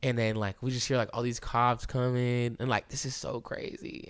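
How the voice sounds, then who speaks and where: A man's voice: medium pitch, moderate pace, clear, resonant tone. Young man telling a story, bro-heavy. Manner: animated, keeps saying "bro" and "like"; acts out quoted lines, drops to a hushed voice at times. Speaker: podcast host. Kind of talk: casual storytelling.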